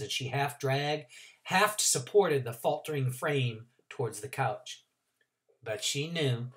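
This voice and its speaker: A male teacher reading a novel aloud to his class in an expressive storytelling voice. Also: medium pitch, far from the mic.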